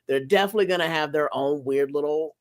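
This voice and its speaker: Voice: mid-range voice, fast. A podcast co-host musing and rambling casually, with hesitant restarts. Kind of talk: casual chat.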